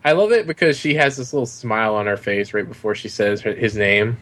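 A man co-hosting a casual podcast, joking through a TV recap with halting restarts. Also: on the low side, fairly bright tone. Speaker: podcast co-host.

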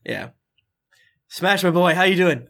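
A man running a tabletop game as dungeon master, animated and quick to laugh. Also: high-pitched, creaky. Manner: animated, laughs often, quick character voices.

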